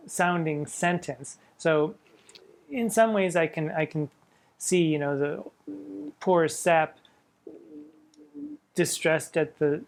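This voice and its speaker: This man, a drag performer with a voice on the high side, offers casual, musing commentary on poems. He savors the lines as he reads them aloud, tossing in wry jokes at his own expense.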